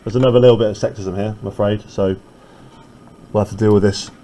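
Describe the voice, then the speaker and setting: A man's voice: lowish voice, fairly even intonation, fast, mellow, a little hiss or hum, poor audio. A male teacher lecturing a class in a classroom, explaining step by step and often asking "right?" to check that students follow.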